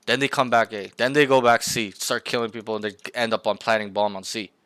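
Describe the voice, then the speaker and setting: Bright-voiced man coaching in plain chat. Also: lowish voice, steady tone, fairly quick, clear, resonant tone, no echo. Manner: rambling, emphatic, swears casually, acts out callouts. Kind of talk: casual coaching over voice chat.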